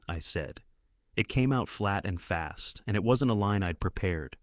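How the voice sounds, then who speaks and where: A man narrating a first-person story in a measured, plain way. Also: lowish voice, animated, no echo, studio quality.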